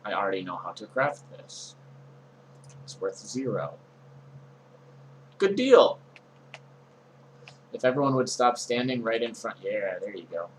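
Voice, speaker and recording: A young man streaming a game, talking through his inventory in a relaxed, meandering way with frequent ums and uhs. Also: fairly low pitch, moderate pace, a little hiss or hum, poor audio. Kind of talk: casual let's-play commentary.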